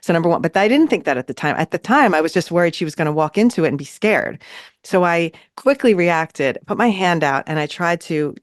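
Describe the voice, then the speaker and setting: A woman co-hosting a podcast in casual chat, telling a story in an animated way and acting out what people said. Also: on the low side, a little fast, dry recording, clean studio sound. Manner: animated, acts out quoted lines. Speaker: podcast co-host. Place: New York City.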